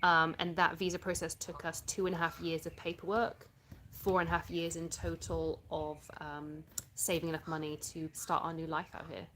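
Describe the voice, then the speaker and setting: A woman's voice: sits low, level tone, normal speed, a bit bright, slight background noise. A woman with an English accent, chatting casually on a live stream, answering viewer comments, laughing often and sometimes searching for words. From born in the US, raised in England.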